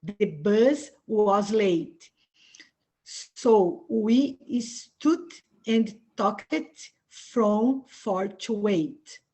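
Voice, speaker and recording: A woman student reading a practice text aloud, carefully and deliberately. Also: medium pitch, darkish tone.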